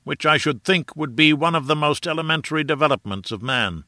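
Guy doing a grumpy doubtful old scientist, raised pitch, bright and dry. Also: animated, fairly quick, dry recording. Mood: sceptical. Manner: dry, grumbling objections. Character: sceptical older male scientist, dry and grumbling.

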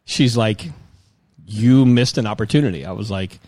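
A man's voice: lowish voice, normal speed, darkish tone, no room sound, clean studio sound. A man in his forties telling a rambling, self-mocking story in casual chat.

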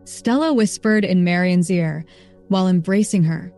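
A woman narrating a story in an even, steady reading voice. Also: on the low side, moderate pace, soft background music. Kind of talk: scripted narration.

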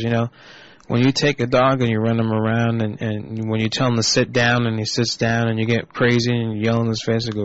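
A man's voice: mid-range voice, little pitch movement, a little fast, dry recording, dull audio. A man hosting a prank call internet radio show, talking in a crude, rambling, mocking way.

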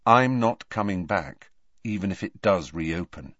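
Guy playing a quiet grim teen boy, low and steady, lots of feeling in it, dull dry audiobook sound. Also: unhurried, no room sound, heavily acted. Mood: resolute. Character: determined, grieving teenage boy, resolute.

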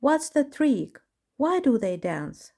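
A woman's voice: sits high, very animated, takes it slowly, creaky, a little mellow, voice pushed up, full character voice. A woman voicing a curious, polite young male lizard in a storybook. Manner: polite, inquisitive.

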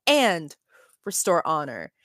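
A young woman in casual chat about a TV episode, making measured, thoughtful remarks. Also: sits low, sing-song, a bit bright, no room sound, clean studio sound.

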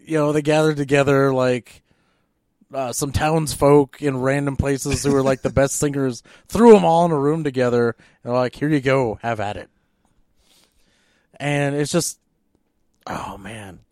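A man co-hosting a movie podcast, ranting in an animated, exasperated way with lots of fillers. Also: medium pitch, normal speed, dry recording, studio quality. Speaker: podcast co-host. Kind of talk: casual movie-rant chat.

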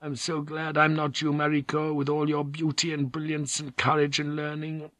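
A man's voice: on the high side, completely flat delivery, normal speed, dry recording, pitched above the performer's own voice, close to an everyday voice. A man voicing a gracious, gossipy noblewoman. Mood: admiring. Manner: soft, gently effusive, courteous. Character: gracious middle-aged Japanese noblewoman, gossipy and sly. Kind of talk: audiobook character voice.

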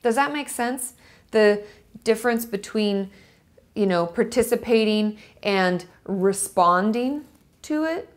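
A woman's voice: medium pitch, slow. A woman talking casually to her camera, explaining step by step and checking her notes as she goes. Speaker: vlogger. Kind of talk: casual teaching monologue to camera.

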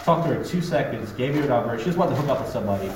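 A man's voice: medium pitch, lively intonation, rapid-fire. A man in casual podcast chat, rambling and blunt as he tells a crude story, recorded from far off in an echoey, noisy room. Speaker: podcast guest.

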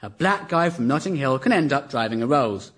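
A man's voice: medium pitch, lively intonation, a little fast, a bit bright, husky. A man, a comedian, giving a satirical mock lecture in a dry, ironic, mock-formal manner. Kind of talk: satirical stand-up lecture before a live audience.

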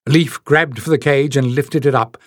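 A man reading a fantasy novel aloud in a measured, expressive audiobook narration. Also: medium pitch, dry recording, studio quality.

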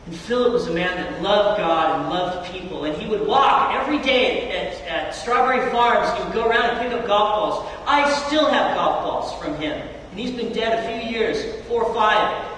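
High-voiced preacher in an echoing church. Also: male voice, slight background noise. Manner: storytelling preacher, voice surging high and loud on quotes then dropping soft. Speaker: youth pastor. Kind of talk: sermon. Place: large church hall. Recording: echoey hall from far off.

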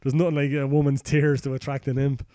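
A man's voice: mid-range voice, flat delivery, quick pace, dark tone, no room sound, studio quality. Sweary Irish man telling a story. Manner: crude, sweary, rambling retelling. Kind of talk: casual comic storytelling.

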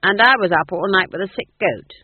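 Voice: mid-range voice, expressive, fairly quick, slightly rough, no echo, narrow, tinny audio, pitched above the performer's own voice. A narrator playing a stern old witch. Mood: brusque. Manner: curt, disapproving, commanding. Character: stern proud elderly female witch.

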